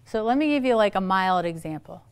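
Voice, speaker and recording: A middle-aged woman psychologist giving a playful, lively talk on parenting to an audience, with quick asides. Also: mid-range voice, clear, resonant tone. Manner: playful, quick asides, acts out quoted voices.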